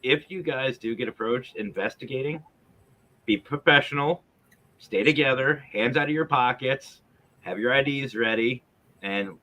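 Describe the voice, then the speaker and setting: A man co-hosting a casual paranormal chat show, telling stories in an animated way, acting out quotes and swearing freely. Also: mid-range voice, moderate pace, dull audio. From San Diego area.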